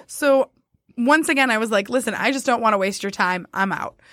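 A woman chatting casually, telling a story with animated quoted dialogue. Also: a little high, a little fast, no echo, studio quality. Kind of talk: casual chat.

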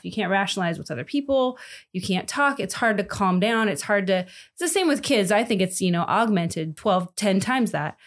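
Earnest woman co-hosting a faith podcast. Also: mid-range voice. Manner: earnest, rambling, with frequent restarts. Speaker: podcast co-host. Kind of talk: casual faith podcast chat.

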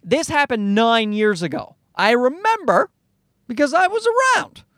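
Animated Newfoundland man with a high voice. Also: normal speed, no echo, studio quality. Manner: rambling, profane, self-mocking storyteller. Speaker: comedian and podcast host. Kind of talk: casual solo podcast monologue.

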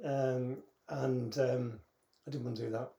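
A man's voice: medium pitch, little pitch movement, gravelly, mellow, dull audio. British man telling hospital stories. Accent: British English. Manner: halting, storytelling, laughs at his own anecdotes. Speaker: podcast co-host. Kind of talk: casual chat.

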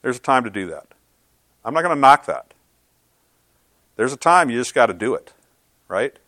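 A man preaching a sermon as pastor, earnest and swinging from loud to hushed. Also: medium pitch, very animated, moderate pace, no room sound.

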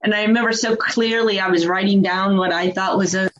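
A woman's voice: mid-range voice, fairly even intonation, a little fast, fairly bright tone. A woman hosting a podcast interview, chatting casually and affirming her guest often. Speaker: podcast host. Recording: dull lo-fi sound.

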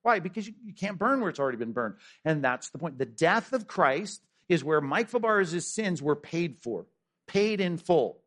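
Animated pastor preaching, fairly high voice. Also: male voice, moderate pace. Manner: animated, swings from loud emphasis to quiet asides; asks the congregation questions. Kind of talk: sermon.

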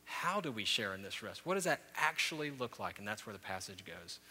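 A man in his thirties preaching a sermon, telling stories with rising, animated peaks. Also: lowish voice, fairly quick, slightly rough. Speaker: pastor. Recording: long hall reverb.

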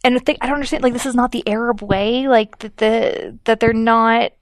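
A woman's voice: fairly high pitch, steady tone, a little fast. A woman co-hosting a podcast, telling a story in a chatty way with lots of fillers and acted-out quotes. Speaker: podcast co-host. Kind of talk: casual chat.

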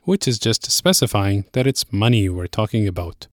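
Male lesson host, low-ish voice, dry studio read, patient and clear. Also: no echo. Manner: clear, steady explaining, slows on key phrases. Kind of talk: language lesson presenting.

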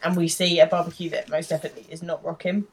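A woman chats on a podcast, recapping a TV episode scene by scene and quoting the characters' lines. Her voice sits somewhat low for a woman, and she laughs easily as she goes. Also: steady tone, rapid-fire, a little hiss or hum. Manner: retells scenes with quoted lines, laughs often. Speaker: podcast co-host. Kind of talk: casual chat recapping a TV episode.

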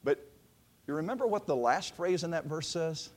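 A man preaching a sermon, swinging from loud proclamation to a hushed near-whisper and drawing out his words with emphasis. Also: a little high, expressive. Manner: slow, emphatic delivery with repeated words.

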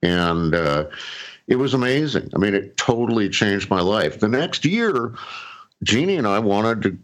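A man's voice: lowish voice, big pitch swings, unhurried. Rambling man telling a story. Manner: rambling, chuckling, with many fillers and restarts. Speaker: guest telling his story. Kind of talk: casual storytelling.

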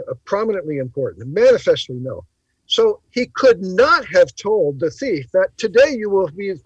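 A man hosting a bible talk show, explaining in a teacherly way and pausing to stress his points. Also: high-pitched, husky, no echo, muffled recording. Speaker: podcast host.

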